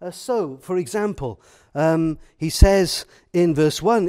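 A man preaching a sermon in an earnest, emphatic way, with many pauses and fillers. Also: on the high side, animated, a little mellow.

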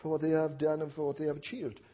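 A man preaching a sermon who swings from hushed asides to loud impassioned outcries, with many rhetorical questions to his listeners. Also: a little high, completely flat delivery, fast. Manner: tag questions and rhetorical questions to the congregation. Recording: dull lo-fi recording.

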